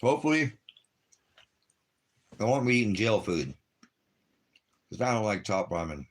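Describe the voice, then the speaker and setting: A ministry livestreamer from Los Angeles chats casually with his viewers, rambling and addressing them directly. His fairly low voice has a sing-song lilt and a slightly slow pace.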